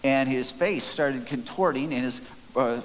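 A man's voice: mid-range voice, a little slow. A man preaching in an earnest, conversational storytelling way, with frequent restarts. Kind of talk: sermon storytelling. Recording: faint hiss, long hall reverb.

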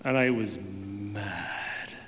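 A man's voice: lowish voice, extremely slow, a little hiss or hum. Man telling a story in a reverberant hall. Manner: animated storytelling with self-deprecating humor. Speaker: speaker giving a personal testimony. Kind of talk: conversational testimony to a congregation.

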